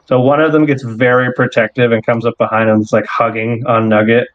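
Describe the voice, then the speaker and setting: A man runs a tabletop game, narrating in a loose, unhurried way full of "like" and small restarts. His voice sits in a middle pitch. The recording is dry and somewhat dull. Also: flat delivery, dry recording. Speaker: game master.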